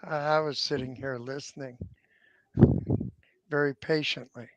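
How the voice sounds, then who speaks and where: A man's voice: mid-range voice, fairly even intonation, a little slow, background noise. A man hosting a casual online panel about dog training, easygoing and joking, on a video call.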